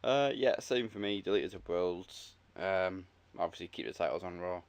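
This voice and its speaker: Deep-voiced laid-back male co-host. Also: moderate pace. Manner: easygoing, dry quips, laughs along. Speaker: podcast co-host. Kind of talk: casual chat.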